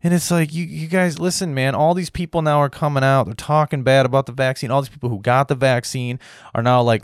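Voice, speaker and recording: An American man rants on his podcast in a restless, repetitive way, forever tagging his points with a quick question. His voice sits at an ordinary pitch and sounds dry and close to the mic. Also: steady tone, no room sound. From United States. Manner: repetitive, keeps asking "right?"; restless, frequent restarts. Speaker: podcast host. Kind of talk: casual political rant.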